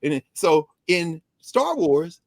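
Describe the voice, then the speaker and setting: A man speaking as a guest scholar on a talk show, telling stories in an animated way, acting out quoted exchanges and scattering "you know" through his speech. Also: on the high side, takes it slowly, dry recording. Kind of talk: animated talk-radio commentary.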